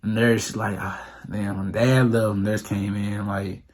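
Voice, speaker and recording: A man's voice: fairly low pitch, flat delivery, a little slow, a little mellow. A young man telling a rambling, profane storytime on his vlog, full of fillers. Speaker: vlogger. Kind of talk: casual storytime monologue.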